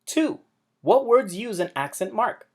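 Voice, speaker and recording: A man's voice: high voice, very animated, a little slow, darkish tone. A man teaching a beginner Spanish lesson, patiently explaining rules and saying example words with wrong and right stress side by side.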